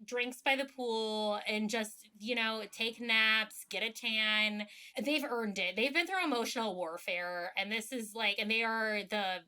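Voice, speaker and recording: A woman's voice: a little high, unhurried, few pauses, pushed and bright, clear, resonant tone. A woman co-hosting a casual recap podcast, chatty and full of fillers. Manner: chatty, says like a lot, agreeable. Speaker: podcast co-host.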